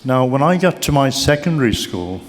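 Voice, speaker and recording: A man's voice: medium pitch, sing-song, normal speed. An older man with a Brummie accent giving a keynote speech, telling stories and joking with the crowd. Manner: chatty storytelling, joking with the crowd. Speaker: keynote speaker. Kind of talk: anecdotal speech. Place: large awards event hall. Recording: long reverb of a large hall.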